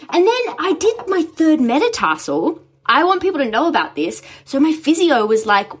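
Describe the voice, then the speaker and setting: A young woman, a guest chatting casually in an interview, telling stories in an animated way with frequent laughter. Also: sits high, moderate pace, few pauses, breathy edge. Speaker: guest, musical writer.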